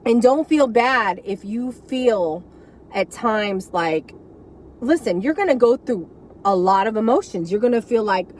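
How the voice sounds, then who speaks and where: A woman's voice: a little high, expressive, measured pace, a little mellow, slight background noise. A woman candidly telling her caregiving story in an unscripted, emotional talk from inside a car, full of asides. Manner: frank, emotional, rambling with many asides. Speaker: vlogger sharing caregiving story.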